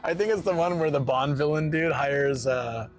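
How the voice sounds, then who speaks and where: A man's voice: fairly high pitch, moderate pace. A Scottish man live-streaming, chatting casually with his viewers in a rambling, filler-heavy way and laughing easily. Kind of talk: casual live-stream chat while driving.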